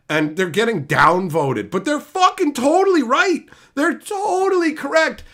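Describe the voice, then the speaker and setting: Young male streamer, sarcastic angry ranter, very animated pitch. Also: moderate pace, hardly any pauses. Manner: angry, profane, sarcastic ranting. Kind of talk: livestream rant.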